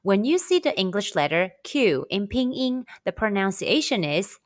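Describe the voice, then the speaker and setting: A woman teaching a scripted pronunciation lesson, drilling sounds slowly and carefully for learners to repeat. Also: mid-range voice, big pitch swings. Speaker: Chinese language teacher.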